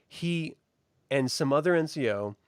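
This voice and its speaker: A middle-aged man in casual podcast chat, telling stories in a profane, animated way with frequent laughs. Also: a little high, unhurried, clear, resonant tone, no echo, clean studio sound. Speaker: co-host reviewing a baking show.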